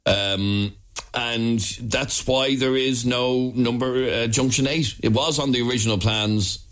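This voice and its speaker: An Irish man hosting a radio phone-in show, chatting in an animated, emphatic, jokey way. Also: mid-range voice, measured pace. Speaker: radio talk show host. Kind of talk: casual radio phone-in chat. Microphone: studio microphone.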